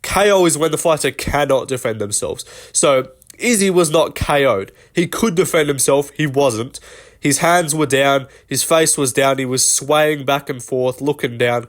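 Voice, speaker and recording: A man's voice: medium pitch, moderate pace. Rambling, swearing male vlogger. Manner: rambling and profane, many fillers. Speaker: host. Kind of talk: casual commentary vlog.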